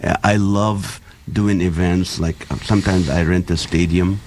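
A middle-aged man from the Middle East, a native Arabic speaker, chatting as a comedy guest in an animated, joking way and laughing often. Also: low voice, measured pace, a little hiss or hum. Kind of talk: casual chat.

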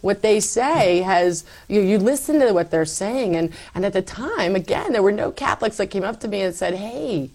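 A woman guest telling her faith story in an interview, animated and acting out her past self. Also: medium pitch, moderate pace, hardly any pauses. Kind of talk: personal faith testimony.

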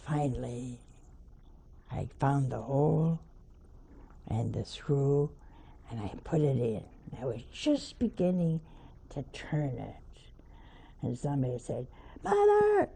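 A woman's voice: a bass voice, takes it slowly, gravelly, long pauses, warm tone, slight background noise. An older woman, a nun, preaching a sermon by telling a homely story with wry asides.

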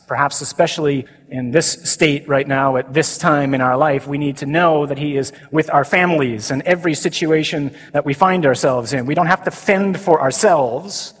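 A man, a priest preaching a humorous, animated sermon at a men's conference. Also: on the high side. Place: large conference hall. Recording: reverberant hall recording.

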